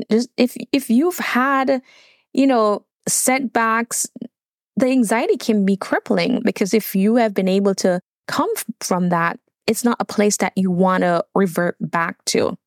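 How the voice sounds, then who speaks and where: A middle-aged Jamaican woman delivers a solo business talk, reading her points and then stepping aside to share her own experience. Her voice sits at an ordinary middle pitch. The recording is dry and close, with no room echo. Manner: reads points then adds personal asides.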